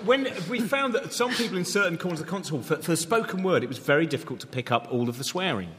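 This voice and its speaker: A man's voice: a little high, animated, quick pace, noisy background. Rambling jokey male co-host. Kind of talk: radio panel show chat. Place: concert hall used as studio. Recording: long concert hall reverb.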